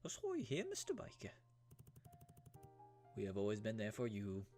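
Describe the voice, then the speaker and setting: A man's voice: on the low side, wildly swooping pitch, moderate pace, darkish tone, faint music behind. A man voicing a mysterious, knowing woman in a game, with a theatrical, lilting delivery and a wavering British Isles lilt. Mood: knowing, teasing.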